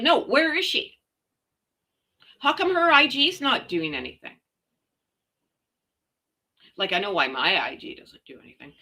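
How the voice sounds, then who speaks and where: Slow, bright-voiced sarcastic woman. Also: medium pitch, rough recording. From United States. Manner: chatty, sarcastic, emphatic. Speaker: host. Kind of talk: livestream commentary reading chat comments.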